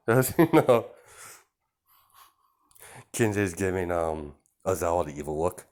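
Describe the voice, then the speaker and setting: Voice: low voice, lively intonation, slow, pauses often, a little mellow. A storyteller improvising a fan story aloud, rambling, correcting themselves and leaning on fillers.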